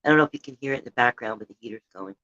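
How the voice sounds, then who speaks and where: Speaking rapid-fire in a rumbling low voice with a fairly bright tone, an older woman hosts a casual livestream from her home, a heater running nearby. The audio is dull, and her rambling chat occasionally turns indignant over politics.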